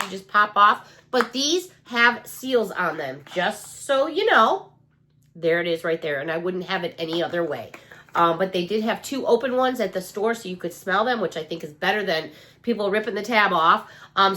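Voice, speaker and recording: A woman's voice: medium pitch, pushed and bright. A middle-aged woman with a Chicago accent chats casually through a shopping haul, gushing over cute finds and asking her viewers questions. Her nose is still stuffy and her sense of smell has not fully come back. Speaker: haul vlogger. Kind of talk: casual show-and-tell chat.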